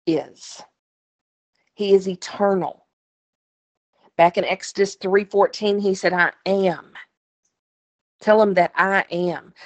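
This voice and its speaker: Lowish woman teaching a Bible lesson. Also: a little mellow. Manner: explains plainly, conversational asides to listeners. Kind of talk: Bible lesson with scripture reading.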